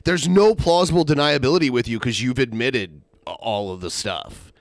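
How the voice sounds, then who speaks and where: A man co-hosting a podcast, reading out messages and adding quick explanatory asides. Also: mid-range voice, no echo, clean studio sound. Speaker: podcast co-host. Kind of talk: casual chat.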